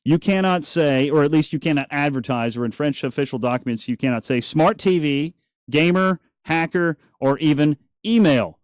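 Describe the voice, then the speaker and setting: A man's voice: fairly high pitch, moderate pace, clear, resonant tone, no echo, studio quality. A man hosting a talk radio show, chatty and opinionated with joking asides. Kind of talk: casual talk radio monologue. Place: radio studio.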